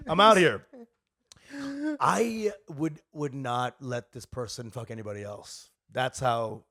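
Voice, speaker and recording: Un uomo, co-conduttore di un podcast comico, che chiacchiera in modo rilassato e volgare e ogni tanto imita altre voci. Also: male voice, medium pitch, pushed and bright. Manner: loose, crude and joking, slips into quick impressions. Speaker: podcast co-host, comedian. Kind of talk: casual comedic banter. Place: podcast studio in New York.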